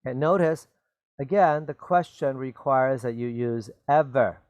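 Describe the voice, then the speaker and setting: A man's voice: medium pitch, darkish tone, no room sound, muffled recording. A man teaching an English grammar lesson, patiently repeating example sentences and checking in with his students. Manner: patient and repetitive, checks in with "okay?" and "right?"; slow, deliberate explanations with stressed key words. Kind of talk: grammar lesson for Chinese-speaking learners.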